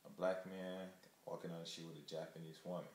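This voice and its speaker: A man's voice: low voice, fairly even intonation, fast, darkish tone, roomy sound, slight background noise. A man from the United States talking casually and candidly to the camera, rambling and emphatic. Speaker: vlogger. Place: Japan.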